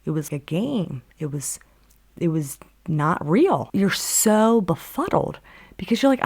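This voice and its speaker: A woman with a fairly low voice tells a dramatic story to the camera. She rambles with lots of filler words, and her volume swings from sudden loud outbursts down to near-whispers. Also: big pitch swings, slow pace, slightly rough.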